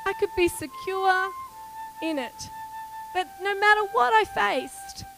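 A middle-aged woman pastor giving a heartfelt, tearful testimony and prayer in a church service, speaking softly with emotional swells. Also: very high-pitched. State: crying a little.

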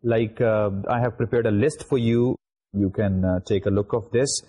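A man's voice: lowish voice, fairly even intonation, moderate pace, warm tone. A middle-aged man from Pakistan with a Pakistani English accent, giving a recorded university lecture and spelling words out letter by letter, with many fillers.

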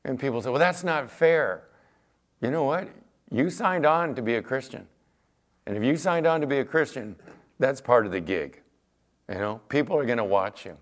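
A man's voice: mid-range voice, expressive, normal speed. A middle-aged man preaching as a pastor, telling everyday stories in a chatty way and acting out the back-and-forth of conversations. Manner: chatty storyteller, acts out quoted exchanges, fillers like "you know". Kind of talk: conversational sermon with anecdotes.

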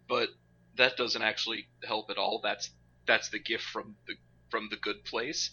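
A man co-hosting a podcast in casual chat, animated and quick to laugh. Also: fairly low pitch. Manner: animated, laughs often, puts on mocking voices. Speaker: podcast co-host. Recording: slightly dull lo-fi recording with faint background noise.

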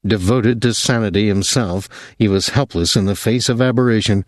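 Reading a novel aloud, this audiobook narrator has a fairly low-pitched voice and keeps a moderate pace. His scripted delivery is lively and expressive, captured in a clean studio without room sound.

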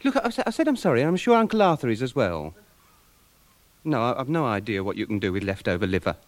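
Actor as a prim mummy's-boy man, bouncy pitch, for a hissy archive radio comedy. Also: sing-song, fast talker, natural voice. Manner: prim, flustered. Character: fussy, mother-led male pier co-owner. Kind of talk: 1990s radio sitcom acting.

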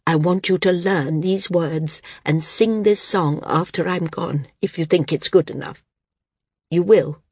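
A frail old woman near death, weary yet frank, speaking low and slow with a gravelly, husky edge, as a woman reading a storybook voices her. Her words are gently firm and a little wry. The sound is dry and close. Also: no room sound. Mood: earnest.

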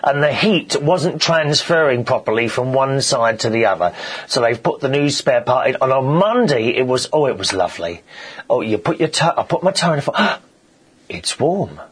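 A man hosting a show, telling gossipy stories in a casual, animated monologue. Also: mid-range voice, moderate pace, husky. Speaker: show host.

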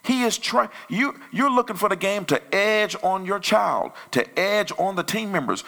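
A male pastor telling a story in a conversational sermon that grows loud and animated. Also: high voice, moderate pace, gravelly, hardly any pauses. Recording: church sermon audio.

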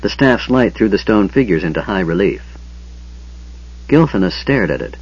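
A man with a husky, deep voice reads a fantasy audiobook at a normal pace, his pitch rising and falling in lively, dramatic storytelling. The audio is dull and lo-fi, with muffled highs.

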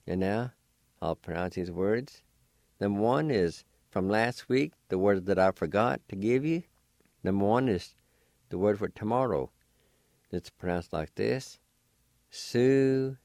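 A man hosting a language lesson, slowly spelling out letters and sounding out syllables for listeners. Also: low-pitched, gravelly, a little mellow, no room sound, studio quality. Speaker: language teacher and show host.

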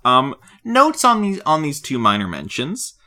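A man's voice: on the high side, a little slow. A man co-hosting a casual podcast about a film, talking in a wry, joking way. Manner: lively, wry, deadpan jokes. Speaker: podcast co-host.

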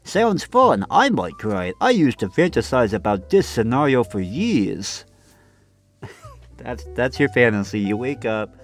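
A man's voice: mid-range voice, sing-song, measured pace. A man hosting a comedic commentary, reading online posts aloud in a sarcastic voice that breaks into laughs and stumbling restarts. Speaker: commentary host.

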